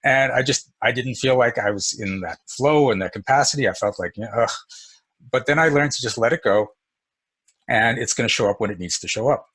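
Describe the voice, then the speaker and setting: Husky man teaching energy work. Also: medium pitch, a little fast, a bit bright. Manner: casual, storytelling, chuckles often. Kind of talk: teaching session with a participant.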